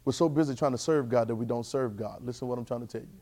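A man teaching a Bible class in a sermon style, animated, with constant call-and-response checks of his listeners. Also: medium pitch, rapid-fire. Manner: repetitive call-and-response, keeps asking "right?"; animated, swings loud and soft.

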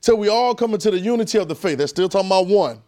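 A preacher with a somewhat high voice teaches a Bible class and draws spoken answers from the room. He hammers points through repetition and often sinks to a low, hushed voice for reverence. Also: lively intonation, very fast. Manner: emphatic and repetitive, often dropping to a low, quiet voice. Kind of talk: call-and-response Bible teaching.

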